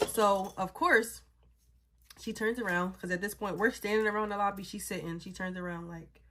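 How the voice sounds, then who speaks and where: A young woman at a middle pitch gives a casual storytime, talking bluntly and swearing freely. She sounds worn out and fed up as she walks through what happened. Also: steady tone, normal speed, pushed and bright. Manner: blunt, profane, exasperated retelling.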